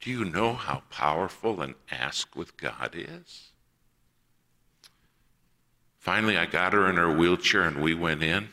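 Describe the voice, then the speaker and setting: Male preacher, low and forceful, telling a story from the pulpit and playing each voice in it. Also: lively intonation, unhurried, long pauses. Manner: acts out quoted voices in a personal story. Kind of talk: sermon storytelling.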